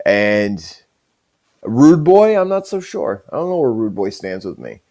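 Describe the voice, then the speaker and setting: A man's voice: fairly low pitch, sing-song, a little slow, mellow. Profane, rambling male podcast host. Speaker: show host. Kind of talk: casual podcast chat.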